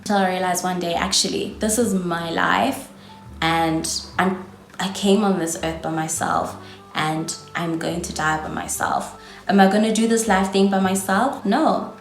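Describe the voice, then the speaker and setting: A South African woman in her twenties gives chatty, encouraging advice to her viewers, a vlogger with a South African accent who calls them darling. Her voice sits a little low for a woman. The room is echoey, with faint music underneath. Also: fairly even intonation, unhurried, creaky. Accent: South African English. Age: 20s. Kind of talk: casual advice talk to camera.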